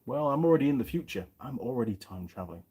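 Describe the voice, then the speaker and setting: A man's voice: mid-range voice, expressive, quick pace, dark tone, husky. A middle-aged man from England with a slightly faded Yorkshire accent, chatting casually on a livestream and reading viewer comments aloud. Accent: Yorkshire English, partly faded. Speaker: YouTube mechanic channel host.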